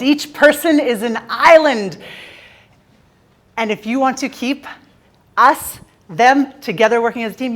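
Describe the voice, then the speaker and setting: Keynote speaker: Canadian woman, slightly high voice, playful, teases the crowd. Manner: playful, jokey, teasing the audience. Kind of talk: motivational stage talk. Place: conference stage.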